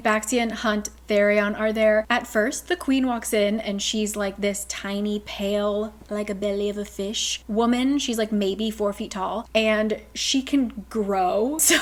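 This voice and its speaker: Chatty woman recapping a fantasy novel. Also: mid-range voice. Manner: chatty, swears, drops into whispered readings. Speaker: book recap narrator. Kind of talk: casual plot recap with read passages.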